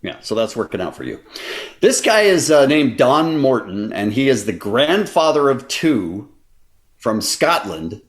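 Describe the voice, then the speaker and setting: Male podcast co-host, wildly swinging pitch, playful banter. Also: unhurried. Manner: animated, joking, laughs often. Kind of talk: casual chat.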